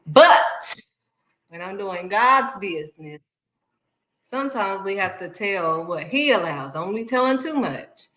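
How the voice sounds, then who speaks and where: Animated woman sharing faith talk, echoey room. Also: mid-range voice, measured pace. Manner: animated, acts out excited voices and exclamations; talks straight to viewers, calling them honey. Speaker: faith vlogger.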